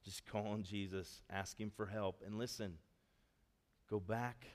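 A man preaching a sermon as a pastor, telling stories in an animated way and acting out the quotes in them. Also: fairly low pitch, measured pace. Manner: animated storytelling, acts out quotes. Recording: long hall reverb.

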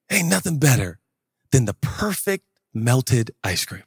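A man preaching a sermon as pastor, animated and jokey, acting out little dialogues and breaking into sudden shouts. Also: mid-range voice, takes it slowly, long pauses, breathy edge, no room sound, clean studio sound.

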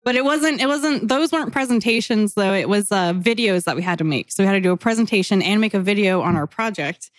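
A woman's voice: medium pitch, animated, quick pace, few pauses, no echo. A woman in her twenties co-hosting a casual podcast, rambling with lots of fillers and frequent laughter. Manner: giggly, rambling with many fillers. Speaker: podcast co-host. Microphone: podcast mic.

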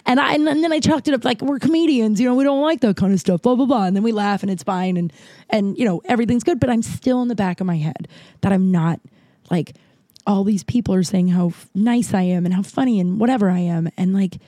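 Woman, comedian, candid storytelling, swears freely, warm mellow voice, dry close sound. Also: mid-range voice, fairly quick, dry recording.

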